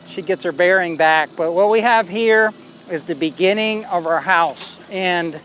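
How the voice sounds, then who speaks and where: A man's voice: high-pitched, unhurried, a bit bright, slight background noise. A man vlogging outdoors at a building site, talking in a folksy, rambling way with plenty of fillers. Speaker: homestead vlogger. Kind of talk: casual vlog walkthrough.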